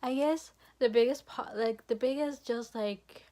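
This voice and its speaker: A woman's voice: a little high, steady tone, takes it slowly. A young woman vlogging a casual, rambling rant, frustrated and full of fillers and swearing.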